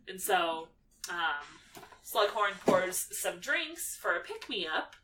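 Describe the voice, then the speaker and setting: A woman's voice: lowish voice, very animated, slow. A young woman co-hosting a podcast, casually recapping a film in a breezy way, swearing now and then and acting out characters. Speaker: podcast co-host. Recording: distant mic, faint background noise.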